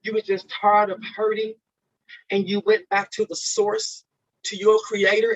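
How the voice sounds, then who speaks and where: A man sharing a personal testimony as a speaker at a men's conference, swinging from loud peaks to hushed lows. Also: level tone, unhurried. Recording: dull lo-fi recording.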